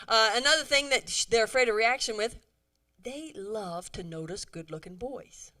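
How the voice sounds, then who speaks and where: A middle-aged woman giving a humorous talk to a church audience, animated and chatty, acting out bits of dialogue. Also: on the high side, normal speed. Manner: animated, acts out quoted dialogue, chatty asides. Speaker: women's conference speaker.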